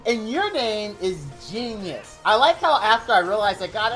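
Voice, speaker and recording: A man live-streaming a game, rambling excitably and thanking viewers in chat by name. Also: sits high, moderate pace. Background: faint game music.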